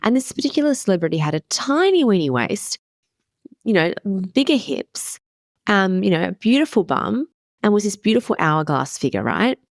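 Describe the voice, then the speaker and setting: Blunt, gravelly-voiced woman podcast coach. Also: medium pitch, sing-song, moderate pace, no room sound, studio quality. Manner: candid and emphatic, swears casually. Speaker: podcast host and wellness coach. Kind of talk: casual motivational podcast talk.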